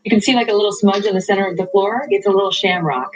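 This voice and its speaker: A woman's voice: mid-range voice, racing, raised voice, lo-fi sound, background noise. A woman hosting a talk show, touring a studio in a playful, self-mocking way and laughing often. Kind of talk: playful on-location TV segment. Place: TV studio and halls, touring on foot.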